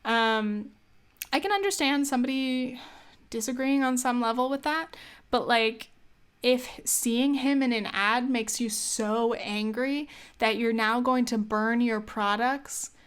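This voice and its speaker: A young woman hosts a casual solo podcast and rambles through her opinions, laughing and correcting herself as she goes. Her voice sits a little high and sounds smooth and clear. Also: a bit bright. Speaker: podcast host.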